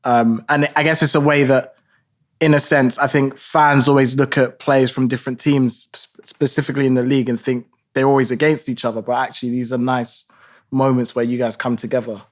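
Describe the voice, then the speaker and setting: A man's voice: mid-range voice, a little fast. A man hosting a casual chat, agreeable and keeping the conversation moving. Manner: lively, agreeable, keeps the talk going. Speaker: host.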